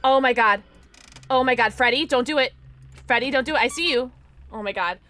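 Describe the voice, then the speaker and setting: Streaming a horror game live, a woman chats with her viewers and squeals whenever something scares her, staying jumpy throughout. Her voice is high, brisk, pushed, and bright.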